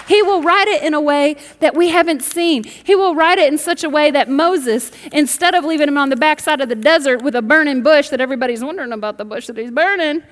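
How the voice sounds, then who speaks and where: High-voiced woman preaching in a reverberant hall. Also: fast talker, few pauses. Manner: emphatic, rising to bursts, asks the congregation to respond. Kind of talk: sermon with storytelling. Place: large church sanctuary.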